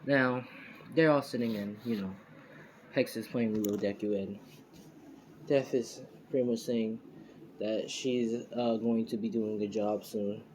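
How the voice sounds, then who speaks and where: Weicher Mann erzählt weitschweifig. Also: male voice, fairly low pitch, steady tone, measured pace, a little mellow, slight background noise, low-quality recording. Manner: rambling, filler-heavy. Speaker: storyteller. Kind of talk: improvised fan story narration. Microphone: screen recorder microphone.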